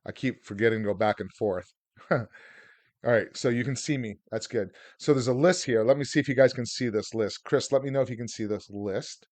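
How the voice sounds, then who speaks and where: A real estate investor explains seller financing in a casual webinar over a video call. His mid-range voice is darkish and a little fast, recorded dry, and he wanders through stories packed with filler words.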